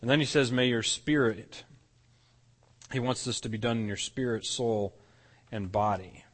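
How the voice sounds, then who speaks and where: A man's voice: mid-range voice, measured pace, long reverb tail. A man preaching a sermon as pastor, earnest, often restarting and repeating words as he explains. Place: church sanctuary.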